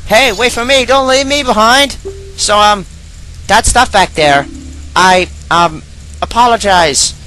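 A man's voice: high-pitched, measured pace, pushed and bright, a little hiss or hum, voice pushed up, poor audio. A man voicing an impatient, bossy young female fairy as he reads a video game's dialogue aloud. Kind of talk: reading game dialogue aloud.

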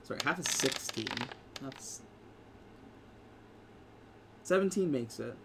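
A man's voice: medium pitch, lively intonation, slow, very noisy. A man narrating as game master of a tabletop game, rambling with many fillers and restarts. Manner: rambling, full of "like" and "uh".

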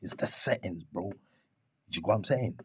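A man's voice: low voice, normal speed, a little hiss or hum. A young man ranting in a vlog about a music feud, scornful and firing off rhetorical questions and insults. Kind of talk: heated rant vlog.

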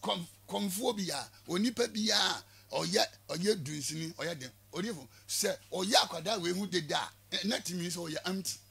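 A Ghanaian prophet being interviewed on the radio, a man with a Ghanaian accent who talks forcefully and repeats words to press his point. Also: high-pitched, moderate pace, gravelly, hardly any pauses, slightly rough. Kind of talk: radio interview in Twi mixed with English.

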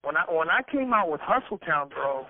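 A man with a fairly high voice tells stories in a loose, profane way, tripping over his words and restarting his sentences. The sound is dry and tinny, like a phone line. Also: sing-song, fairly quick, dry recording. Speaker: rapper being interviewed. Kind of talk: casual storytelling interview.

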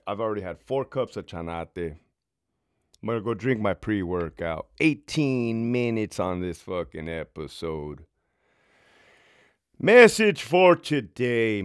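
Speaking to camera, a former prison sergeant recounts his own story in a heated, animated, profane manner. His low voice swings widely in pitch, and the dry, close recording has no room echo.

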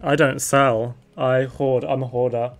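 A man's voice: medium pitch, steady tone, measured pace, vocal fry, faint music behind. A man streaming a game, chatting playfully and giggling, with sudden yelps when things go wrong. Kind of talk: casual gaming chat.

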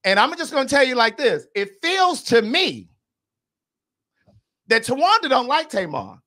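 A woman's voice: high-pitched, a little slow. A woman hosting a podcast, giving blunt, profane pop-culture commentary in a casual, emphatic way. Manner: blunt, outspoken, profane gossip; animated and emphatic. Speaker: podcast host.

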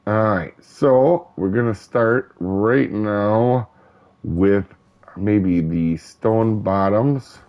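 A man hosting a gaming channel, chatting casually over gameplay in a relaxed, rambling way with many ums and uhs. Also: on the low side, extremely slow, highs cut off. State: hiccups. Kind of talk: casual let's-play commentary.

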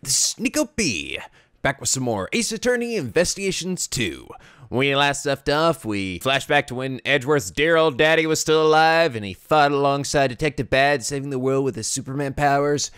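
A man's voice: mid-range voice, very animated, moderate pace, fairly bright tone, smooth, no echo, studio quality. A man hosting a let's play, chatting casually over a game in a rambling, profane way. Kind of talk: casual gameplay commentary.

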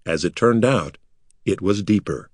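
A man reading a children's adventure book aloud in steady scripted narration. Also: low voice, a little slow, no echo, studio quality. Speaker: audiobook narrator.

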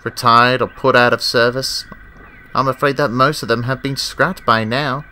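A man's voice: medium pitch, level tone, moderate pace, pushed and bright, slight background noise. A man voicing a small, earnest young male engine who talks solemnly and emotionally. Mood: sad.

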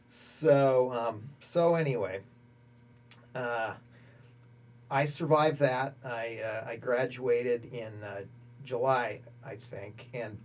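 A man in his fifties from Montana, recounting memories in an oral history interview, thoughtful and unhurried with many pauses and fillers. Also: medium pitch, a little mellow. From Montana, United States. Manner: reflective storytelling with frequent pauses and fillers.

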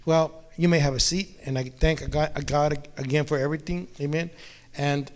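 A man with a high, smooth voice preaches in a church. He tells folksy stories and fills his pauses with amen. He builds up as he talks about his spiritual fathers. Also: fairly even intonation. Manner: repeats amen often, folksy joke-telling, bilingual. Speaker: pastor. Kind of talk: sermon. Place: church sanctuary.

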